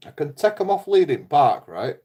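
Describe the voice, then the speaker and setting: A man's voice: fairly high pitch, very animated, moderate pace, mellow, breathy edge. A man talking in a casual, rambling monologue, blunt and full of swearing, often laughing. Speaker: YouTuber.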